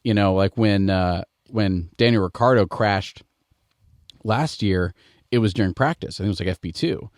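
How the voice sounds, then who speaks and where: An American man hosting a podcast, chatting in a relaxed, conversational way that tends to wander. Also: fairly low pitch, normal speed, dry recording, clean studio sound. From United States. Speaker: podcast host. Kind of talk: casual podcast chat.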